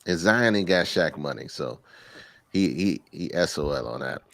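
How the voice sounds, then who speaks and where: A man co-hosting a podcast, chatting casually in a slangy, animated way and laughing often. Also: very deep voice, moderate pace, dry recording. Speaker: podcast co-host. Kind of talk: casual chat.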